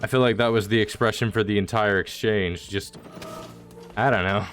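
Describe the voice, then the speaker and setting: A man's voice: on the low side, steady tone, normal speed, a bit bright, soft background music. A man streaming a video game, talking casually in a rambling, jokey way with mock-dramatic lines. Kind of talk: casual gameplay commentary.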